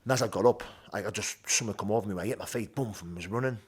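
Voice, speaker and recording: A man with a Teesside accent telling his rough childhood story as an interview guest, blunt and animated, swearing freely. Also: fairly low pitch, rapid-fire. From North East England. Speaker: guest, bare knuckle fighter. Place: gym.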